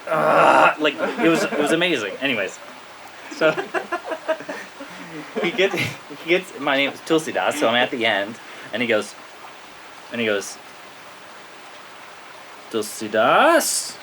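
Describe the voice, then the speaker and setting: An American man, a spiritual teacher, telling a story to his listeners in a lively way, often checking in with "okay?" and laughing at himself. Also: on the high side, measured pace, pauses often, a crowd in the background, poor audio. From United States. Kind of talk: storytelling talk to a spiritual audience. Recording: steady rain-like background noise.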